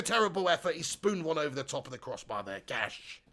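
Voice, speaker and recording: A man hosting a live football watch-along, reading out chat comments and shouting at the big chances. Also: on the high side, big pitch swings, brisk, few pauses.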